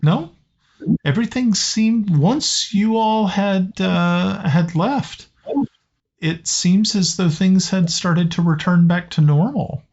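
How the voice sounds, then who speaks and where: A man's voice: high voice, slow, a little mellow, pitched above the performer's own voice, full character voice. A man voicing a cheerful young woman, the hero's sister, who speaks politely, on a dull lo-fi recording. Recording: dull lo-fi audio.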